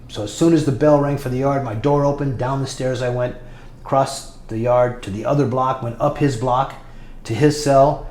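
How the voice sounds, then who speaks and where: A man's voice: mid-range voice, a little mellow. A man telling a story about his time in prison, in a blunt, profane, conversational way, as a podcast guest. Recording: echoey room with faint noise.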